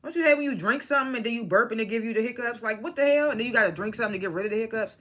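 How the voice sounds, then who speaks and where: A young adult vlogger rips through a review of a reality show reunion in loose, blunt commentary, opinionated and full of swearing. Speaking at a racing pace in a middling voice with a bright, sharp edge, she rambles, goes off on tangents, restarts and circles back to her points.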